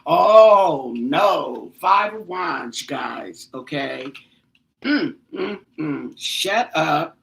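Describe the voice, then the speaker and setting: A woman doing a casual tarot reading for viewers, exclamatory and animated, pleading with the cards to tell her more. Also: deep voice, drawn-out words, gravelly. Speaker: tarot reader.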